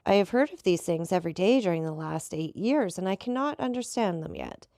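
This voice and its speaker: A man's voice: high-pitched, lively intonation, fairly quick, darkish tone, no echo, studio quality. Woman voicing a sniffy young aristocrat. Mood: sneering. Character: young fastidious male aristocrat, sneering.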